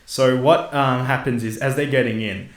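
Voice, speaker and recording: A man's voice: medium pitch, normal speed. Man recapping a story in an echoey room. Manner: animated storytelling with laughs and acted quotes. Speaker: co-host recapping a comic. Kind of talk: casual chat.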